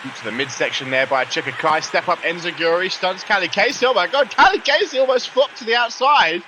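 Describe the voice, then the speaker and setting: Animated and fairly quick, a young man's high voice narrates a live-streamed wrestling game, with friendly greetings to viewers between plays. The laptop mic picks up music in the noisy background.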